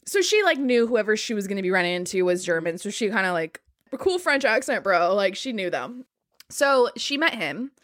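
A woman's voice: medium pitch, very animated, fairly quick, no echo, clean studio sound. A woman co-hosting a podcast, casually retelling a history story with lots of filler words. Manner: chatty, many "like" fillers, laughs easily.

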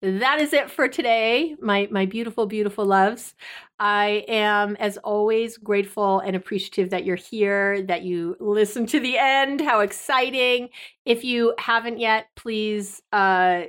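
A woman's voice: mid-range voice, a little slow. Chatty effusive woman podcast host. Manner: warm, effusive, chatty with many fillers. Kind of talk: casual podcast monologue.

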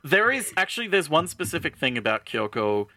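Bright-voiced, excitable man. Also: a little high, brisk, no echo, clean studio sound. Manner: excited, profane, heavy use of "like". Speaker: podcast co-host. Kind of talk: casual chat, recapping an anime episode.

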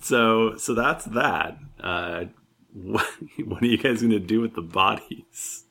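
A man narrating and running a tabletop role-playing game as game master, in a relaxed, halting way with fillers. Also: lowish voice, slightly rough.

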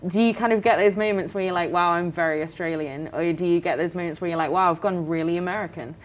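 A woman's voice: lowish voice, fast talker, slight background noise, low-quality recording. A woman with a British accent, interviewing guests in a friendly, chatty way. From Britain. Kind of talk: casual interview.

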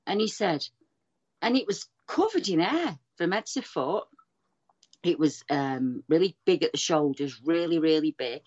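A woman, a guest researcher retelling stories in a chatty, animated way with many restarts. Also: deep voice, a little slow, dull audio. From England. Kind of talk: casual storytelling over a call.

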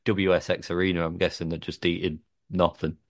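A man's voice: low voice, flat delivery, brisk, dry recording, clean studio sound. A man hosting a podcast, chatting casually and joking about wrestling. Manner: jokey, banters about wrestling. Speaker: podcast host. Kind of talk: casual chat.

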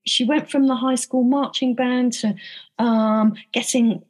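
A woman being interviewed about her book, speaking thoughtfully with frequent pauses and restarts. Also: a little high, fairly even intonation, darkish tone. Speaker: author and interview guest. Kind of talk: conversational interview.

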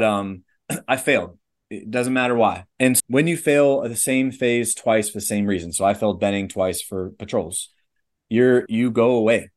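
A man in his thirties telling a personal story in a casual interview, earnest and rambling, with lots of "like" and "legit". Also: on the low side. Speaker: podcast guest, airline pilot.

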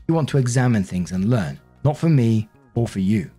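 Brief: man voicing a critical, accusing wife, dark husky read, relentless. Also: mid-range voice, expressive, normal speed, faint music behind. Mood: bitter accusing. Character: critical, accusing adult woman partner. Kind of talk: story reading.

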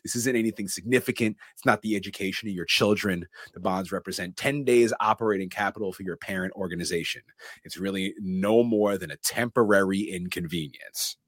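A cultured male villain mastermind speaks quietly and with measured menace, as a man reads his lines aloud. The voice sits very low. The sound is close and dry. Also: no room sound. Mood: cool menace.

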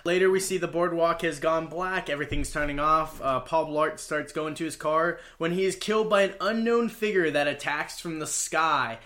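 Guy w a high bright voice summing up a movie plot, dry little jokes. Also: moderate pace, few pauses. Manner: wry, offhand asides while retelling the plot. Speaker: podcast co-host. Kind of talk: casual movie plot recap.

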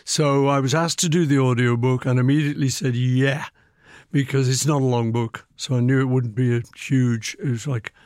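A man's voice: medium pitch, steady tone, normal speed, a little mellow, dry recording, studio quality. An older man with a Liverpool accent, chatting as an interview guest about his book, telling anecdotes and slipping into playful voices. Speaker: guest author. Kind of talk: relaxed interview chat.

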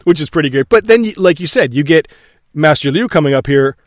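A man's voice: fairly high pitch, brisk, no room sound. Chatty man recapping a film. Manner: animated, acts out film lines. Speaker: podcast co-host. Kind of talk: casual film discussion.

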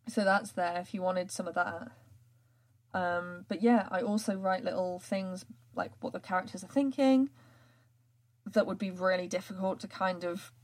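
A woman's voice: mid-range voice, darkish tone. Rambling, giggly woman podcaster. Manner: laughing, rambling, full of fillers. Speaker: podcast host and writer. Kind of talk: casual chat.

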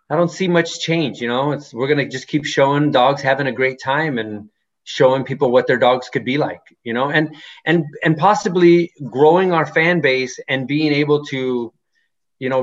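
A man's voice: mid-range voice, normal speed, muffled recording. A man who runs a dog business, talking casually in an interview and rambling with lots of fillers. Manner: rambling, many "you know" fillers. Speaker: dog-running business owner.

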